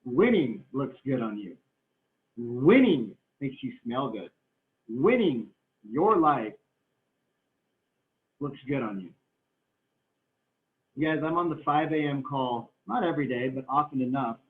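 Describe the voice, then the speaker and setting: A man's voice: medium pitch, big pitch swings, slow pace, long pauses. A man giving a motivational talk to a group, emphatic and repetitive, drawing out words to press his point. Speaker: motivational speaker. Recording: tinny, roomy, distant from mic.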